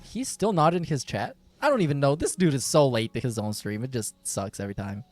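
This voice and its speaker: A man's voice: mid-range voice, lively intonation, fairly quick, faint music behind. A man hosting a stream, reacting to clips with sarcastic, scornful commentary.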